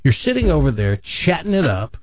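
A man's voice: a little high, huge pitch swings, brisk, lo-fi sound, a little hiss or hum. A man hosting a talk radio show, joking around and teasing his crew.

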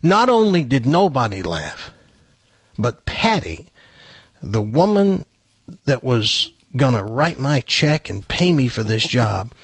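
A man with a husky voice tells an anecdote in an animated way and stumbles into frequent restarts. The sound is close and dry, with almost no room tone. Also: medium pitch, slow, dry recording. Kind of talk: casual anecdote telling.

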